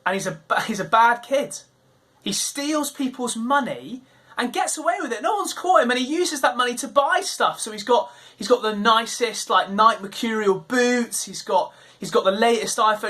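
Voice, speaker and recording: A woman's voice: fairly high pitch, husky. A woman leading an online children's Bible talk for a church, telling the story with energy and acting out the voices in it. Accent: British. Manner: animated storytelling, acts out quoted voices.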